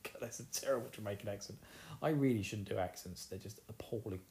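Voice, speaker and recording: A man's voice: fairly low pitch, fast talker, gravelly, warm tone. A man with an Essex accent recapping a fantasy novel in casual chat, joking, laughing and acting out characters' lines. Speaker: book recapper.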